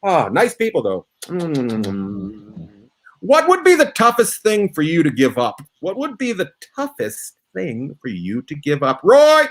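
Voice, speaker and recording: A man's voice: a little high, huge pitch swings, measured pace. A man hosting a comedy panel game, teasing his guests with mock outrage. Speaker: host. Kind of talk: playful game-show banter.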